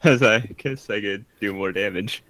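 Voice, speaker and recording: A man playing in an online tabletop game, animated and laughing, asking rules questions. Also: on the low side, normal speed. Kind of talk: casual play over voice chat.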